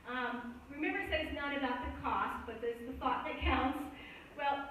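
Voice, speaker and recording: A woman's voice: sits high, steady tone, normal speed, fairly bright tone. A woman co-preaching a sermon in a light-hearted way, laughing easily between points. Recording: echoey church hall from a distance, faint noise.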